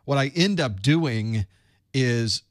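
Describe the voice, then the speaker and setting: A man's voice: medium pitch, lively intonation, takes it slowly, no room sound. Chatty man hosting a livestream, dry sound. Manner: chatty, rambling, self-deprecating, greets viewers by place. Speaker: IT certification instructor hosting a live study group. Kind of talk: casual livestream chat. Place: small dark room.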